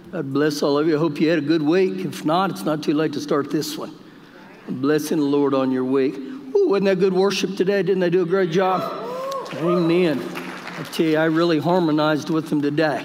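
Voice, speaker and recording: A pastor preaching a live Sunday sermon in a church, jovial and speaking straight to the congregation. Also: male voice, a little high, fairly even intonation, normal speed, a little mellow. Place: church sanctuary during service. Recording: long church reverb.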